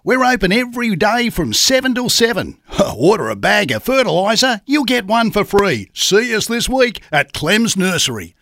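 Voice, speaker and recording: A man's voice: high-pitched, sing-song, moderate pace, hardly any pauses, a bit bright, dry recording, studio quality, pitched above the performer's own voice, heavily acted. Man doing a broad-accented Australian farmer ad voice. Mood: folksy upbeat.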